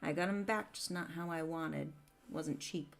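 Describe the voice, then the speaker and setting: A woman's voice: low-pitched, a little slow, creaky, pitched below the performer's own voice. A woman playing a weary adventurer mother, subdued and trailing off. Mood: bitter. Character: weary mother adventurer, bitter, low-key.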